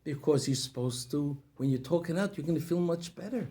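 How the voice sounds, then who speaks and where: A man, a rabbi, telling a story with moral lessons in an expressive way, speaking directly to listeners. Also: a little high, brisk, slight background noise.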